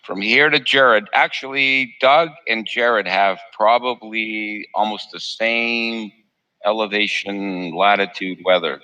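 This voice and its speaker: A man's voice: fairly low pitch, fairly even intonation, slow pace, pushed and bright, smooth, dull audio. A man hosting a live stream, chatting casually over a voice call, joking, laughing often and repeating himself. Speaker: host of a live observatory stream.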